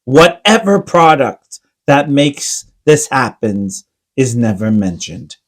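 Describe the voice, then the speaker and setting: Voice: mid-range voice, sing-song, takes it slowly. A podcast co-host reading out absurd AI-written comedy scenes with playful, dry timing.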